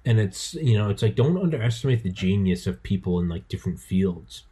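A man's voice: on the low side, animated, a little fast, warm tone, breathy edge. A man hosting a podcast in casual chat, rambling through stories, swearing and acting out quotes in a raised voice. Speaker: podcast host.

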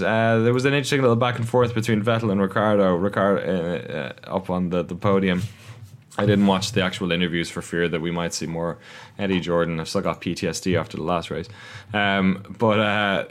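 Lower-voiced man hosting a racing podcast. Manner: rambling, self-deprecating asides, swears. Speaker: podcast host. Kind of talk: casual news roundup.

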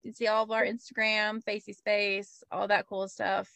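A woman's voice: medium pitch, little pitch movement, normal speed, gravelly, a bit bright, dry recording. A woman co-hosting a podcast, reacting playfully and laughing often in casual chat. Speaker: podcast co-host.

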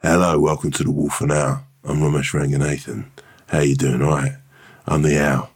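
A man doing an impression of a sleepy, low-voiced male podcast host, with a slow, drowsy, flat delivery. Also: breathy edge.

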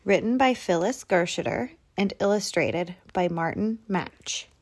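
Slow, gentle storybook-reading woman. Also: mid-range voice. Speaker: children's book reader and host. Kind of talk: storybook read-aloud.

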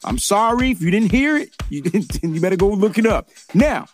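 A man hosting a casual sports chat show, animated and joking, heavy on slang. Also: sits high, moderate pace, faint music behind. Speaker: podcast host.

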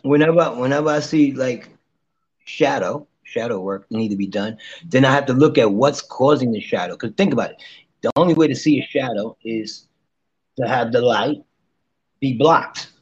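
A man hosting a casual live chat room and giving tarot readings, playful and teasing, with sudden soft asides. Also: medium pitch, moderate pace, slightly rough, lo-fi sound.

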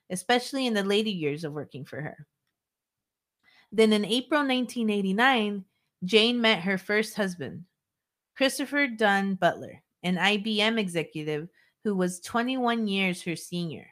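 A woman's voice: mid-range voice, expressive, moderate pace, a bit bright. A woman co-hosting a true-crime podcast, reading her notes with chatty asides. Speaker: podcast co-host narrating a case.

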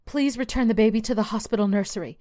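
A woman voicing a stout, steady police commander. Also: a little high, pitched above the performer's own voice, close to an everyday voice. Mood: firm. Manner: firm, measured appeals. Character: stout male police watch commander, calm and firm. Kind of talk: dramatic story reading.

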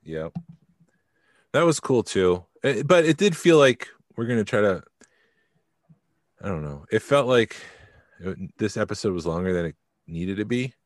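A man's voice: on the low side, animated, unhurried, pauses often, no echo, clean studio sound. A man co-hosting a podcast, chatting casually and rambling, often trailing off mid-thought. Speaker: podcast co-host.

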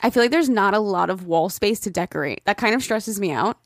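A woman's voice: mid-range voice, expressive, brisk, no room sound. A young woman co-hosts a podcast and chats casually, her words full of "like" and the odd swear word. Her voice sits in a middle range for a woman. It is recorded dry and close, with no room sound. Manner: chatty, filler-heavy, says "like" a lot, swears casually. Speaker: podcast co-host. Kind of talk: casual chat.

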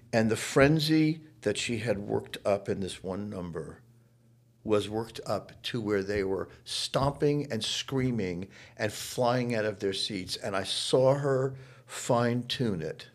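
A man, a guest interviewed at his home, telling stories in a reflective, emphatic way. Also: on the low side. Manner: emphatic, shifts from hushed to loud. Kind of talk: reflective storytelling.

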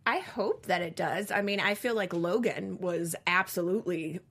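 Woman, lower-pitched voice, earnest, lots of fillers, casual panel discussion. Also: normal speed, fairly bright tone, slightly rough.

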